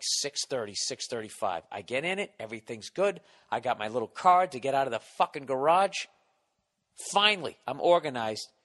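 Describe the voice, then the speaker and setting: A man's voice: mid-range voice, fairly bright tone, big-room sound. A middle-aged man hosting a podcast, telling a comic story in a profane, exasperated rant. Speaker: podcast host.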